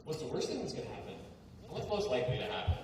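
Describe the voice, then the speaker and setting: A man's voice: medium pitch, wildly swooping pitch, very fast, a crowd in the background. A man co-hosting a family event, easygoing as he reads a letter and gives advice. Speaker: co-host panelist. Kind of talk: casual event chat. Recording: echoey hall from far off.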